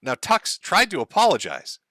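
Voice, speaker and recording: A man hosts a commentary show and mocks each clip with sarcasm and bursts of laughter. His bright, slightly high voice moves up and down a lot. The recording is close and dry. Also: huge pitch swings, normal speed, no room sound. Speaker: commentary host. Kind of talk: mocking commentary on clips.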